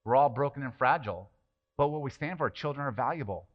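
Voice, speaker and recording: A man's voice: mid-range voice, fast talker, muffled recording. A man preaching a sermon as pastor, passionate and emphatic, with many rhetorical questions.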